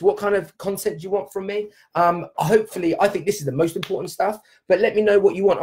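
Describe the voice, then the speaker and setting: During lockdown, a man broadcasts a live stream from his home, where he leads viewers through an upbeat motivational talk aimed directly at them. He runs a dance company, and his voice sits on the high side with a darkish tone.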